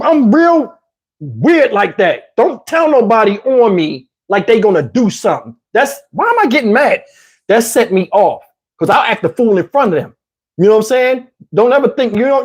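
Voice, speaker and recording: A man from New Jersey tells a crude story, his pitch swinging all over and his voice a little husky. He talks fast and loose with lots of asides, close on a lapel mic. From Camden, New Jersey. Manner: profane, animated, lots of asides. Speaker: channel host. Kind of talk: comedic storytelling.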